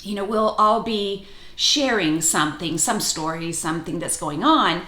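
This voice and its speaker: A woman's voice: on the low side, a little slow, pushed and bright. A woman co-hosting a casual faith podcast, speaking thoughtfully and personally. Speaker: podcast co-host. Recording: roomy echo.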